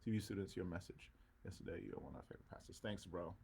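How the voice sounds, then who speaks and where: A pastor hosting an online show chats casually with his congregation on a livestream, calling out viewers by name and swelling like a preacher. His low voice is very fast, with vocal fry, a slightly mellow quality and a breathy edge.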